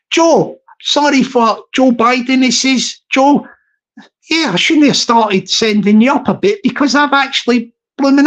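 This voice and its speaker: A man's voice: very high voice, poor audio. A man with a London accent hosting a casual livestream, rambling and chuckling as he chats. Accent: London English. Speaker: livestream host.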